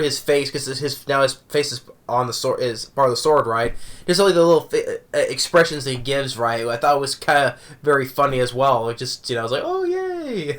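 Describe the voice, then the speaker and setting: Bright-voiced man rambling through a review. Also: medium pitch. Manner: rambling, often asking "right?". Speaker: anime reviewer. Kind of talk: casual episode review.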